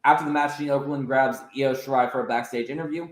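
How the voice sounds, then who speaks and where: A man in a casual podcast narration, telling wrestling storylines and often pausing on filler sounds. His voice sits at a middling pitch, and the room gives it a noticeable echo. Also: steady tone. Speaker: podcast host. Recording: roomy echo.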